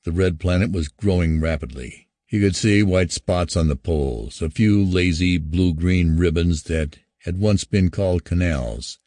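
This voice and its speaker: Deep-voiced man narrating. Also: measured pace, hardly any pauses, mellow, no room sound, studio quality. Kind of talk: audiobook narration of science fiction.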